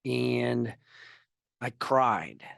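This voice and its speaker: An earnest man talks candidly as a podcast guest, telling his own story in a confessional way. His voice sits at an everyday middle pitch. The sound is dry and close, with no room around it. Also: very slow, creaky, a bit bright, dry recording. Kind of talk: candid interview talk. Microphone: video call.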